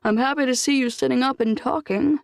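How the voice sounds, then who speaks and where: A woman's voice: sits high, steady tone, fairly quick, no echo, clean studio sound, pitched above the performer's own voice. A woman doing a firm male heart doctor. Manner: firm, reasoning. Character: brisk tall male cardiologist, firm.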